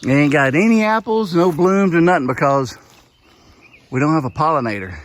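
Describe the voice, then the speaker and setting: A man's voice: on the high side, lively intonation, fairly quick. A middle-aged man with a Southern US accent, chatting casually as he walks around his homestead, a bit out of breath and rambling with frequent restarts. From Southern United States. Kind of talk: casual walk-around vlog. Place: outdoors on a rural homestead.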